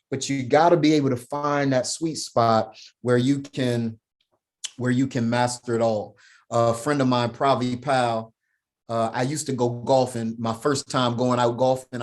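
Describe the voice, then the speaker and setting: Male podcast guest, mid-pitch, energetic storyteller, slangy and emphatic. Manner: slangy, emphatic, laughs while telling stories; punctuates points with "right?". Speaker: podcast guest, founder of a men's program. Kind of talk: animated storytelling, casual talk.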